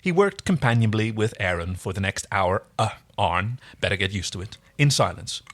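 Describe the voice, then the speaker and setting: A man's voice: fairly low pitch, animated, a little fast, a bit bright. A man co-hosting a podcast, reading fan fiction aloud and breaking off for chatty asides. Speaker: podcast co-host.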